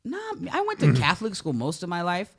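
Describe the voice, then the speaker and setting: Lively high-voiced comedian host. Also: male voice, fast talker, slightly rough. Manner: laughs often, rambling asides. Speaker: comedian co-host reading crime news. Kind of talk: casual podcast banter.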